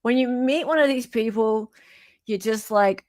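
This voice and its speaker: An Australian woman hosting a casual chat about a court case. She talks at an unhurried pace, chatty and animated, with a dry, close-miked sound. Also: fairly high pitch, no room sound. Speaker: host. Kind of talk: casual commentary.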